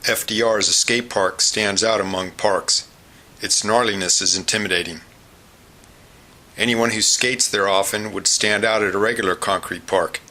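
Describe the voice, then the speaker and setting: A man reading scripted documentary narration in an even, measured way. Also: lowish voice. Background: loud guitar music.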